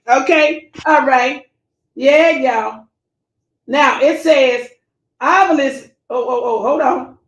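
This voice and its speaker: A high-voiced woman vlogger reads a viewer's letter aloud and reacts to it line by line, animated and preachy. She talks to her audience as family. The room around her is echoey.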